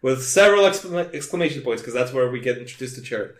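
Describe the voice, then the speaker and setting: A man's voice: medium pitch, animated, quick pace, roomy sound. A man co-hosting a casual podcast chat, swearing freely, laughing often and reading from his notes. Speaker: podcast co-host.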